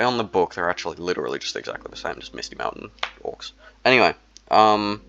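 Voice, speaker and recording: Rambling young man, lowish voice. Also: fairly bright tone. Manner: rambling, meandering, full of fillers and slang. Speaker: solo video creator. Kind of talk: casual rambling monologue. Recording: dull lo-fi recording.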